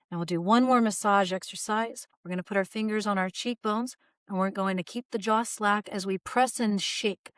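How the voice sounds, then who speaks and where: A woman voice coach calmly guiding listeners through relaxation exercises, modeling sighs and open "ah" sounds. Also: medium pitch, no room sound, studio quality. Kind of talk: guided vocal exercise instruction.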